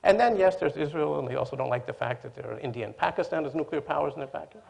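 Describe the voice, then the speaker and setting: Male panelist, gravelly voice, measured and emphatic delivery. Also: a little high, darkish tone. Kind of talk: panel discussion.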